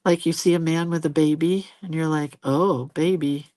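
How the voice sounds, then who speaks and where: A chatty woman in her sixties talks casually while she paints on a live stream, laughing often and hopping from one story to the next. Her voice sits a little low. The sound is close and dry, with no room echo. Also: level tone, brisk, warm tone. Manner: chatty, laughs often, jumps between stories and viewer comments. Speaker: host of a live drawing stream.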